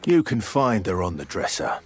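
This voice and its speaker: Game role: flirty courteous door, deep voice, animated, faint music. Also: male voice, moderate pace. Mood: suave. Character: flirty talking male door, polite and playful. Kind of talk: video game voice acting.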